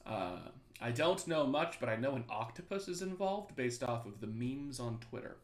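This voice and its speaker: A man's voice: medium pitch, expressive, normal speed, reverberant. A young male teacher casually chatting with students on a review livestream, joking and reading the chat aloud. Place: his apartment.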